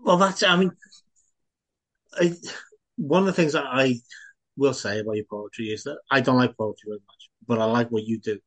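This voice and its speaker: A man hosting an interview, chatting casually with dry, self-mocking humor and wrapping up briskly. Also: mid-range voice, fairly bright tone. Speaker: host and writer.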